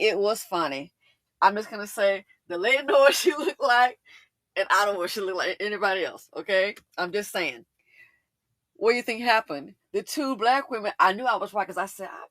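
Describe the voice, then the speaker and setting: A woman's voice: medium pitch, expressive, fairly quick, bright, forceful tone, no echo. A woman host telling a storytime in casual, emphatic commentary, often repeating lines for effect.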